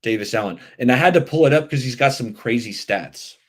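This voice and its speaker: A man's voice: mid-range voice, expressive, a little fast. A man hosting a live sports talk stream, chatting loosely and reacting to viewer comments. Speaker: livestream sports show host.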